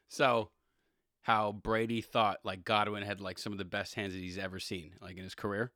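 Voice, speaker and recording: A man's voice: lowish voice, level tone, normal speed, bright, forceful tone, no echo, studio quality. A man hosting a podcast and rambling casually about football, chuckling and correcting himself as he goes. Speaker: podcast host. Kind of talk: casual sports chat.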